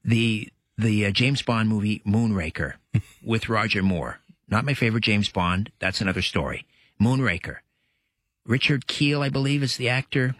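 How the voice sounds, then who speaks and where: A man's voice: fairly low pitch, moderate pace, fairly bright tone, no echo. A man guest-hosting a late-night radio talk show, chatty, often correcting himself mid-sentence. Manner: chatty, restarts and self-corrections. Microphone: studio microphone.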